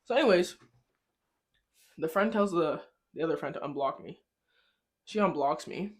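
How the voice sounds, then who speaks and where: A young woman hosting a podcast, telling a casual story in a lively, animated way, swearing and laughing often, her voice shooting up high when she is shocked. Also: moderate pace. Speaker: podcast host.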